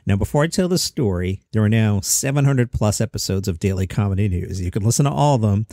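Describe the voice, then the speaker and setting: A man's voice: on the low side, expressive, fast talker, warm tone, dry recording, studio quality. A middle-aged man hosting a comedy news podcast, chatty with jokey asides. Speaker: host.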